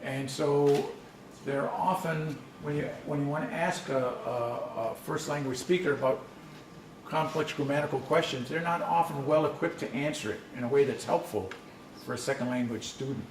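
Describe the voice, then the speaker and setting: A language instructor with a mid-range voice talks at normal speed while presenting a workshop in a conference session room. He explains things in a conversational, storytelling way, often restarting his sentences. The room echoes, the mic is distant, and there's faint noise.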